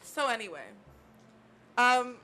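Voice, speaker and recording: A woman's voice: fairly high pitch, lively intonation, slow pace, bright, forceful tone, faint music behind. A woman playing a tabletop game, talking in a brash, incredulous way. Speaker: player.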